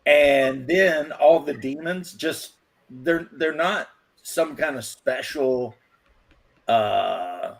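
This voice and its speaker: A man's voice: a little high, animated, extremely slow, gravelly. A man in casual chat, rambling and telling crude jokes, laughing at his own stories.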